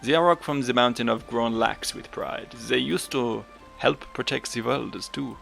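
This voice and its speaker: A stern watchman guarding the fields in a fantasy game, slow and grave in his warnings, as a gamer voices him. The voice is heavily gravelly at a middling pitch. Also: fairly bright tone.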